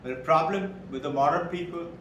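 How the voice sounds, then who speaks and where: A man's voice: a little high, fairly quick, highs cut off, slight background noise. A middle-aged man gives a spiritual talk to a live audience and acts out the dialogue of the stories he tells. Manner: animated storyteller who acts out quoted dialogue. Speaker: spiritual teacher. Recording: roomy hall, mic at a distance.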